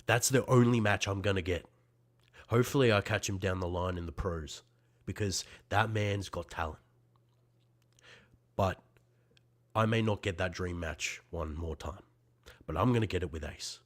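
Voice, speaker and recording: A man talking as a wrestler guest in fiery promo style, profane and intense, swinging between shouting and quiet, heartfelt passages. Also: deep voice, moderate pace, long pauses.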